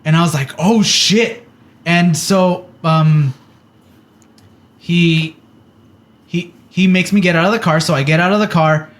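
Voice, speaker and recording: A man's voice: on the high side, measured pace, pauses often. A man co-hosting a podcast, telling a story in casual chat and acting out the quotes with animation. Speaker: podcast co-host.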